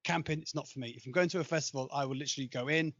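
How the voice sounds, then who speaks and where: A man as guest in a casual podcast chat, talking fast and repeating himself as he tells anecdotes. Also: fairly high pitch, steady tone, fairly bright tone, dry recording. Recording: dry, dull lo-fi audio.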